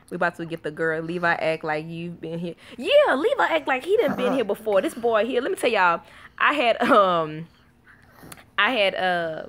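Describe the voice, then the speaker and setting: A woman's voice: on the low side, a bit bright. A young woman, telling family stories casually to her viewers, laughing often and acting out her kids' lines. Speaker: family vlogger.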